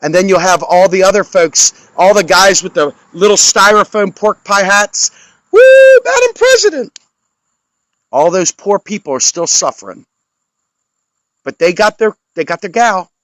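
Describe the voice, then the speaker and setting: A political commentator with a high, slightly bright voice delivers an impassioned rant at a moderate pace, angry, sarcastic and scolding toward his listeners. The recording is rough but has no room sound.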